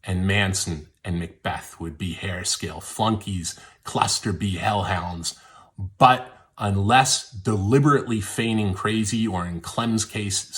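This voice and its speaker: Man, scripted narration, fairly low voice, dramatic, hushed at times. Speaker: literary scholar and podcast contributor.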